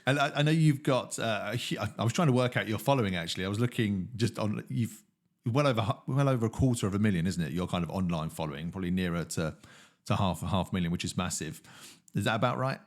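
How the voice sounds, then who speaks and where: Low-voiced friendly male interviewer. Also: lively intonation, quick pace. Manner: friendly, stumbling restarts, laughs along. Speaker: interviewer, host. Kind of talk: casual interview.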